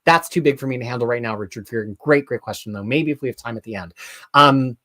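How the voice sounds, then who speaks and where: A host of a solo live stream reviewing new comics, talking casually and excitedly, with quick restarts and bursts of emphatic ranting. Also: medium pitch.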